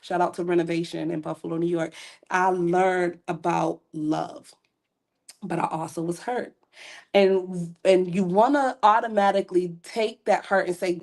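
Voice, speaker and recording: Speaking at a moderate pace with a fairly low, creaky, darkish voice and fairly even intonation, a woman shares her faith story as a podcast guest. Her telling is sincere and narrative, loosened by offhand asides.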